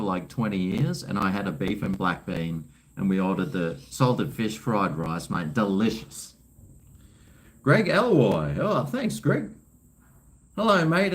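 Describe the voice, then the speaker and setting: A middle-aged Australian man from Queensland hosting a casual livestream, rambling and answering viewer comments, calling people mate. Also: mid-range voice. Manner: relaxed, rambling, says mate a lot. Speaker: livestream host.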